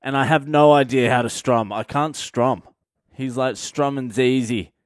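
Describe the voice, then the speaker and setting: A man's voice: mid-range voice, moderate pace, no room sound, studio quality. Profane Australian man telling a story. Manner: profane, blunt, deadpan. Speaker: stand-up comedian. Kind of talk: comic storytelling monologue.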